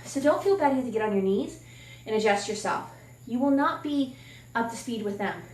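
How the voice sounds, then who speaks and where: A woman's voice: fairly high pitch, animated, fairly quick, a little mellow, far from the mic. A woman fitness coach talking candidly and encouragingly while demonstrating a workout, sometimes slightly out of breath. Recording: echoey room from off-mic.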